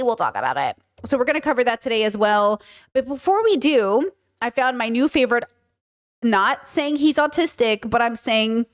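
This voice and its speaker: A woman hosting a podcast livestream, chatting casually in a rambling, animated way with lots of fillers. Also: on the high side. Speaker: podcast host.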